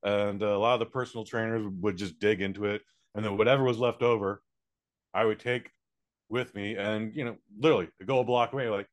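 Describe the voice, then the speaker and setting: A man's voice: on the low side, fairly even intonation, a little fast. A man co-hosting a podcast in casual chat, telling blunt, profane anecdotes. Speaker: podcast co-host.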